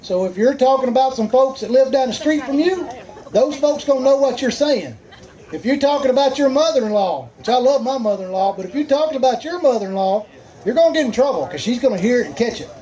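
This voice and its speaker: High-voiced folksy Southern weigh-in announcer. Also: male voice, animated, quick pace, warm tone, low-quality recording. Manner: folksy, joking, upbeat crowd banter. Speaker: tournament weigh-in emcee. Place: outdoor tournament weigh-in.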